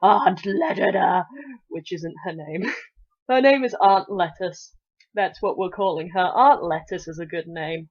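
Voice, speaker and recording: A woman's voice: lowish voice, unhurried, a little mellow. A woman giving a parody storybook reading, narrating with giggly, irreverent asides. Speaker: reader. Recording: dull lo-fi recording.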